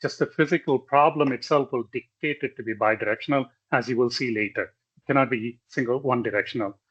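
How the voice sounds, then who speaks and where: A male lecturer giving a technical slide presentation in a measured way, pausing often with fillers and correcting himself. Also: medium pitch, a bit bright, slightly rough. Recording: slightly dull lo-fi audio.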